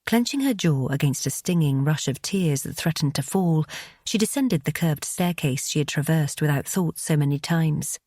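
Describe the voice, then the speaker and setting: A woman narrating an audiobook in a measured, even storytelling delivery, recorded close on a studio mic. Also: low-pitched, no room sound.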